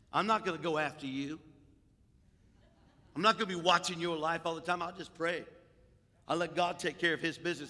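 An older man preaching a sermon as pastor, moving between quiet storytelling and loud, rising exhortation. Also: on the high side, fairly quick, pauses often. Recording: echoey hall with long reverb.

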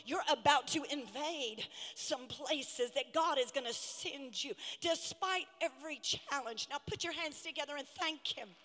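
High bright-voiced woman preaching in a hall. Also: measured pace, hardly any pauses. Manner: impassioned preaching, rising to shouts; storytelling with dramatic retellings. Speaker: pastor. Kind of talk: sermon. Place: large conference hall. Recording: long hall reverb.

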